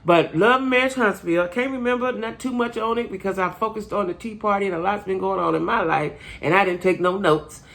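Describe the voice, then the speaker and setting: A woman's voice: mid-range voice, a little fast, hardly any pauses, a bit bright. A middle-aged woman hosting her own channel, chatting in a rambling way straight to her viewers about reality TV. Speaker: channel host. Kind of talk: casual reality TV commentary. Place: staying at her son's home.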